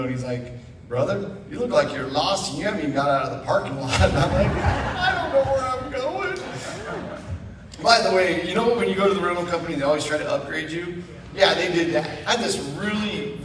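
A man's voice: fairly high pitch, echoey room, big-room sound, distant mic, slight background noise. A man from Idaho, a guest speaker, telling a funny personal story to a church congregation and acting out the voices in it. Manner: animated, self-mocking storyteller acting out quotes. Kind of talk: storytelling sermon. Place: church sanctuary.

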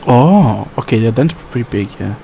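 Young guy on a chat podcast, loud, teasing, swears a lot, lively voice with light hiss behind. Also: mid-range voice, normal speed, creaky. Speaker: podcast co-host. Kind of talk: casual chat among friends.

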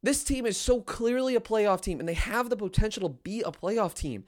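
A man who runs a sports channel, ranting as an excited fan and swinging between loud cheering and low muttering. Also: moderate pace. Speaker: sports YouTuber.

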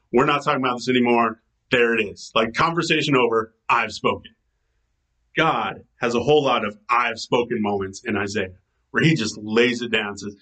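An enthusiastic man talks through scripture like a casual chat with friends, his voice bright and forward in a middle register. He acts out quotes with lively shifts in delivery, as a pastor who calls himself a nerd. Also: mid-range voice, fairly quick, rough recording. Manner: chatty, enthusiastic, self-described nerd; animated quoting in character voices. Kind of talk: casual devotional talk.

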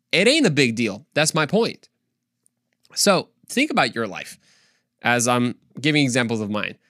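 A young adult man hosting his own podcast, giving a casual devotional talk in an animated, slangy, conversational way. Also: fairly high pitch, no room sound, clean studio sound. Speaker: podcast host.

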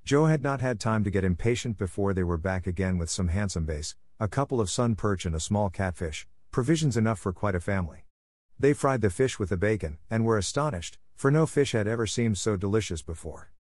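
A man narrating a classic novel in a measured, expressive storybook reading. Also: fairly low pitch, no room sound, studio quality. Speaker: audiobook narrator.

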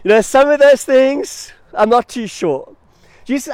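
Man, pastor, preaching, high voice, emphatic repetition, dry close sound. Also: a little fast, no echo. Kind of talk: sermon.

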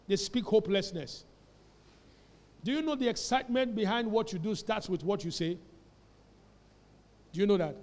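High-pitched Nigerian pastor preaching in a hall. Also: male voice. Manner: preaching with questions and rising to shouts. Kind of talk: sermon. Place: church sanctuary. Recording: church hall reverb.

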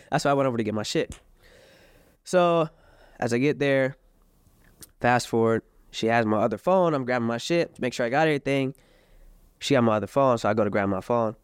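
A young man in his twenties, telling a story in casual chat with a lot of street slang and fillers, and acting out the other people's lines in a higher voice. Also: fairly quick, long pauses, clean tone, dry recording, clean studio sound. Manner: animated, acts out the other side's lines in a high voice. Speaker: boxer and podcast guest.

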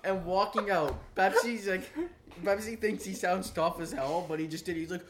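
A man's voice: high voice, moderate pace, noisy background. A young man telling a rambling, teasing story to his friends in casual chat. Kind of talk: casual banter among friends.

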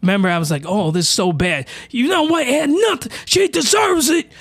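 A man with a high-pitched voice reacts to an anime episode with excitable, crude commentary. He breaks into shouting outbursts that crack his voice, then drops back to disbelieving mutters. He is recorded close on a desk mic. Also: brisk, vocal fry.

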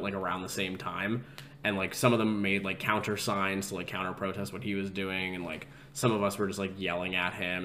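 Rambling young man, lowish voice. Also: a bit bright, a little hiss or hum. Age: young adult. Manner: rambling storyteller, filler-heavy with constant "like". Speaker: podcast co-host. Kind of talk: casual chat.

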